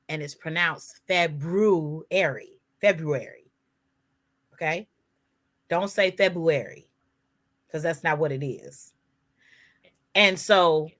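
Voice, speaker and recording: A woman's voice: on the low side, sharp tone. A woman co-hosting a casual podcast chat, emphatic and spelling words out letter by letter. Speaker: podcast co-host.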